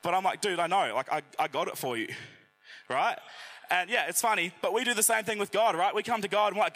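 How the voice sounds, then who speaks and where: A man's voice: high voice, fast talker, fairly bright tone. A young man giving a casual, joking talk at church and speaking straight to the congregation. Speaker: youth and worship team volunteer speaking at church. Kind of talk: sermon.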